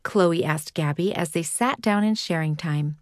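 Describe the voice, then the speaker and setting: A woman reading a children's story aloud in a calm, clear storybook manner. Her voice is on the lower side and sounds dry and close. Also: a little slow, dry recording. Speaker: narrator. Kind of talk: scripted narration of a children's story.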